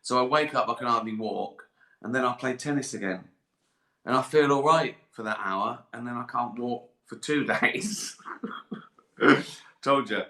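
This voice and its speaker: A man's voice: lowish voice, sharp tone. Sweary older man in an echoey room. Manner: sweary, rambling, laughs often. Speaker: comedian on a live stream. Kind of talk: casual chat.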